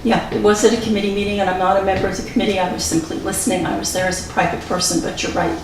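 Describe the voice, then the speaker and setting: Fast-talking stern woman chairing a meeting. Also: medium pitch, steady tone, noisy background. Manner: stern, procedural, reprimanding. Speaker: board president chairing the meeting. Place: library meeting room. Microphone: distant camera. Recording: echoey room from far off.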